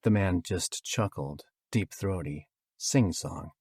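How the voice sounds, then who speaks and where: Male audiobook narrator, husky voice, dry studio sound, wry storytelling delivery. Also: sits low, a little slow, few pauses, a little mellow, no room sound.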